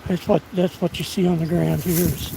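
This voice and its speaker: A man's voice: on the high side, flat delivery, moderate pace, creaky, very noisy. A man, chatting in a folksy, rambling way while out of breath. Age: 60s. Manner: rambling, folksy, self-deprecating. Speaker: vlogger. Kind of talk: casual outdoor livestream chat. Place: outdoors in rural woods. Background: outdoor ambience and a passing train.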